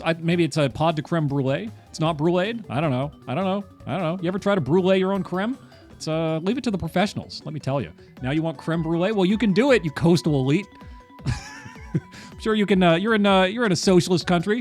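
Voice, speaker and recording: A man chatting casually on a livestream while doing crosswords, rambling and wry, with lots of "uh" and repeated phrases. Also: high voice.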